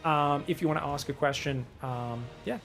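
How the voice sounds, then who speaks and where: A man's voice: a little high, normal speed, vocal fry. Emphatic man coaching over faint music. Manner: emphatic, animated, mimics panicked inner voice. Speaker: StarCraft coach. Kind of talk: replay analysis and coaching talk.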